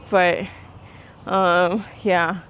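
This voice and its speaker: A woman's voice: on the low side, fairly even intonation, extremely slow, fairly bright tone, a little hiss or hum. A woman casually vlogging outdoors on her phone, laughing often and gushing over animals, out of breath from walking. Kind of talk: casual vlog chat. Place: outdoors near a lake. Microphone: phone held while walking.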